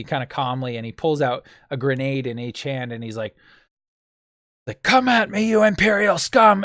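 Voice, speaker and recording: A man's voice: mid-range voice, clean tone, no echo, studio quality. A man running a tabletop game as game master, describing scenes vividly and making sound effects with his mouth.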